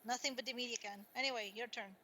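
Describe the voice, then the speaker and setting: A bright, slightly high-voiced young woman reading a story aloud with a friend. She teases, giggles and trips over her words, with faint noise in the background. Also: steady tone, quick pace. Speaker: co-reader. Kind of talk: casual let's-read chat and narration.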